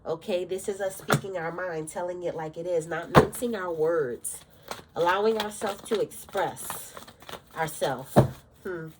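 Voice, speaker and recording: In a very noisy recording, a woman with a fairly low voice takes her time delivering a casual tarot reading. Blunt and fiery, she curses often, speaks directly, and is bothered by allergies.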